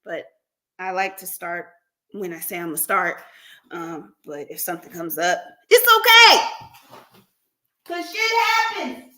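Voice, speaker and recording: A woman's voice: fairly low pitch, very animated, normal speed, bright, forceful tone. A woman hosting a counseling practice's livestream, chatting casually with viewers, laughing often and calling them by name.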